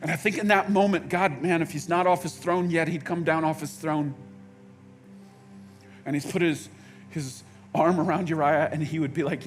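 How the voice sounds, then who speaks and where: A man preaching a sermon in a conversational way, with halting restarts, dropping to quiet intensity and rising to loud outbursts. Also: a little high, steady tone, soft background music. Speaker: pastor. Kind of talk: sermon with acted-out quotes.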